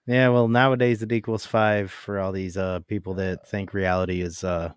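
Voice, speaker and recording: A man's voice: sits low, flat delivery, moderate pace, clear, resonant tone, no room sound, studio quality. A man co-hosting a casual podcast, laid-back and agreeable, mostly giving short replies. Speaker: podcast co-host.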